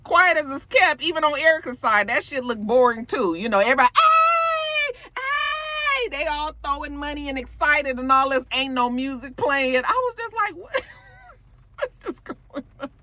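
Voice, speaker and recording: Woman, sassy recap host, lively swooping pitch, bright forceful voice, profane storytelling. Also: brisk, hardly any pauses. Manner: acts out quotes in shifting voices. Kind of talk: casual recap commentary.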